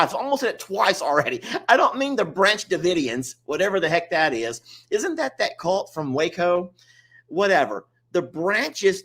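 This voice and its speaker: A man's voice: high voice, fairly bright tone. A man, co-hosting a casual chat and rambling in a self-mocking, chatty way. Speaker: co-host of an animal sanctuary channel.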